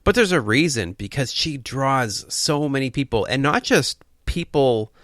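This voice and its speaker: Bright-voiced earnest podcast co-host man. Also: mid-range voice, animated, unhurried, dry recording, clean studio sound. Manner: earnest, enthusiastic, talks in bursts with restarts. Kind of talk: casual podcast chat.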